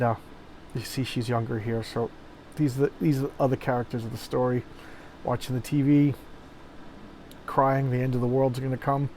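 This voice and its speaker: A man's voice: mid-range voice, darkish tone, poor audio. A man casually walking through the panels of a comic book, rambling and repeating himself as he retells the pages, with a fan running in the room. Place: hot room with a noisy fan. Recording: faint fan noise behind.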